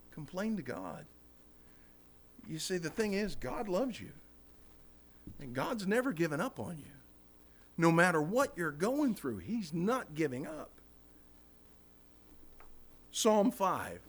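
Lively, high-voiced male preacher. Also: measured pace, pauses often. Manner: impassioned preaching, voicing prayers, addresses congregation as guys. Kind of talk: sermon. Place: church.

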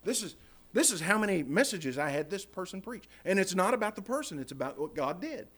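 A Baptist preacher with a high, slightly fast voice delivers an informal Bible study sermon. His style is folksy and animated, and he often says "man, I tell you what."

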